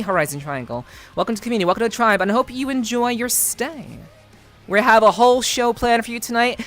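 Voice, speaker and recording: A woman streamer chatting casually with her live chat, greeting viewers by name, laughing and repeating herself. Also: mid-range voice. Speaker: VTuber streamer.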